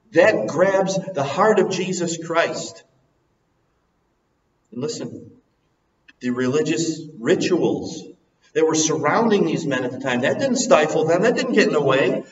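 Preacher in an echoey hall. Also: male voice, slight background noise. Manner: swings from soft and low to loud and soaring, sings a hymn line. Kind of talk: sermon. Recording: echoey hall, recorded from a distance, muffled.

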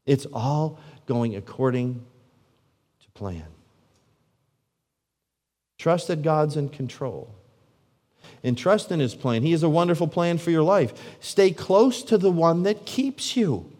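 A pastor delivers his sermon in a somewhat high male voice, firing off rhetorical questions at his listeners. He swings between loud, ringing emphasis and hushed near-whispers. A long reverb trails each phrase, as in a large church sanctuary. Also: expressive, slow, long pauses.

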